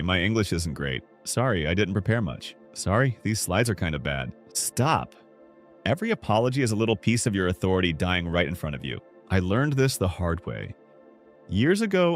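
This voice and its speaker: A man with a low voice and a lively, swinging delivery narrates a scripted self-help lesson on speaking. His sentences are short, punchy and emphatic. Soft music plays underneath. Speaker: speaking coach.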